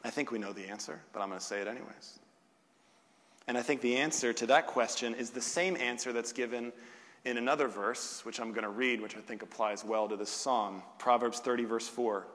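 Pastor guy preaching, slows way down on big words, lots of questions, church hall reverb. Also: medium pitch, a bit bright. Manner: dramatic pauses, slows on key words; rhetorical questions. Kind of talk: sermon.

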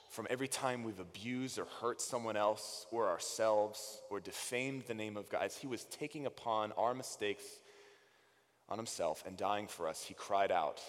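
Deep-voiced preacher in a reverberant hall. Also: male voice. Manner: emphatic, swings from loud to hushed quotes. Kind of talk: sermon. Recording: long reverb of a large hall.

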